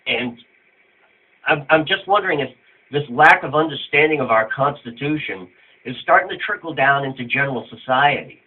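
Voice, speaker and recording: A man's voice: mid-range voice, expressive, normal speed. A man interviewing a guest, asking rambling, searching questions in a casual chat. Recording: tinny phone-like line.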